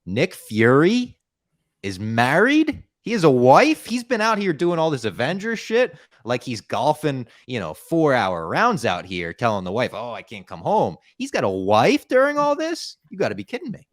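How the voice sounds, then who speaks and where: A man's voice: on the high side, wildly swooping pitch, normal speed, dry recording, clean studio sound. A man hosting a podcast in casual chat, making wry, offhand remarks. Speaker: podcast host.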